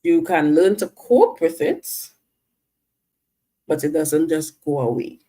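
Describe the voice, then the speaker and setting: A woman sharing her own experience on a personal vlog. Her voice sits low and her delivery is slow and deliberate. She talks straight to her viewers like a coach, regularly checking in with a quick "right?". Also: expressive, warm tone. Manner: asks "all right?" and "right?" to check in. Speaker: vlogger. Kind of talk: personal talk to camera.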